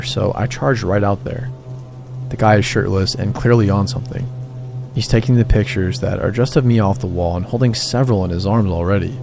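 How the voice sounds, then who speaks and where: A man tells a scary true story in a measured, scripted narration. His voice sits low and has a rough, gravelly edge. Music plays clearly beneath him. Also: dark tone. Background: background music.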